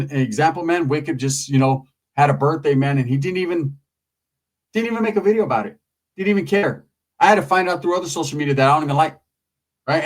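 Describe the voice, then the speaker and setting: A man talking casually into the camera, telling a profane story and mimicking other people in loud, high voices. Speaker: YouTube commentator. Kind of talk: casual commentary monologue.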